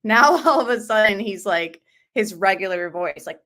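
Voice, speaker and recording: A woman's voice: mid-range voice, lively intonation, normal speed, fairly bright tone. A woman talks through a replayed call-in show in a loose, chatty way. She reacts to her live chat as she goes, in an ordinary mid-range voice. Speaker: true crime channel host. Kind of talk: commentary over a replayed call-in stream.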